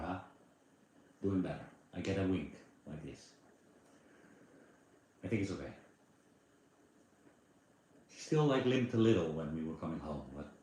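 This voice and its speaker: A man's voice: low voice, warm tone. A man hosting a casual livestream, chatting loosely with many fillers and answering viewer comments into a phone microphone. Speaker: livestream host. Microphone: phone with attached microphone. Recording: very echoey room, faint background noise.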